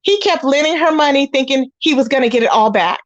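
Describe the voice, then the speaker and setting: High-pitched woman dishing gossip. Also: fast, no room sound, dull audio. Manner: animated storytelling, acts out quoted voices, talks straight to viewers. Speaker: commentary channel host. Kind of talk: casual gossip commentary.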